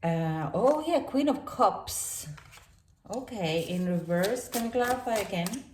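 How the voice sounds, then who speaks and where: A woman's voice: mid-range voice, animated, takes it slowly, darkish tone, a little hiss or hum. A woman speaking as a gives a rambling, chatty tarot reading full of fillers. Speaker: tarot reader. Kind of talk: casual tarot reading to camera. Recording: echoey room, distant from mic.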